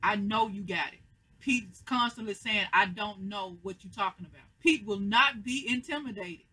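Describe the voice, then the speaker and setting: An American recap host talks through a TV episode at home on a webcam mic. The voice is bright and a little husky. Quoted lines get played out with growing emphasis. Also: medium pitch, moderate pace, low-quality recording. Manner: retells scenes, acting out quoted lines with rising emphasis. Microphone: computer webcam mic.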